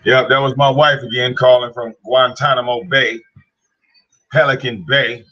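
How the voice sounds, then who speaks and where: Rambling man ranting, bright tense voice. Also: medium pitch, steady tone, normal speed, muffled recording. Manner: rambling, repeats words, mocking. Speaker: streamer commenting on a played call. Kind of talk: casual rant.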